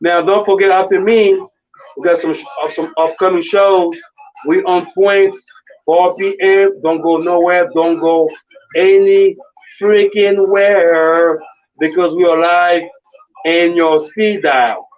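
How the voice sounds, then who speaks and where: A man hosting live radio, loud and excitable with chanting ad-libs, his voice going raspy. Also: high voice, slow, recorded from a distance, lo-fi sound. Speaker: radio host. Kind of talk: hype live radio banter.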